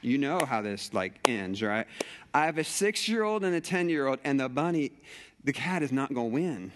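A male pastor preaching a sermon, telling a personal story with animated energy and acting out the scenes. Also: sits high, normal speed.

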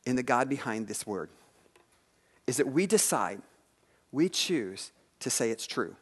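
A man preaching a sermon, retelling scripture stories in a lively way and asking his listeners questions. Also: medium pitch. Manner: animated storytelling preacher, asks the audience questions. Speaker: pastor.

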